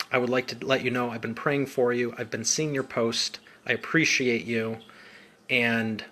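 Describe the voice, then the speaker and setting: A man's voice: mid-range voice, bright, forceful tone. Upbeat casual man coaching business. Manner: casual, upbeat, informal slang. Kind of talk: live Q&A answering viewer comments.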